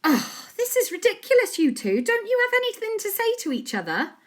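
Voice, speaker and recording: A woman voicing a panicky, excitable mother who talks in a shrill, frantic rush. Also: brisk, heavily acted.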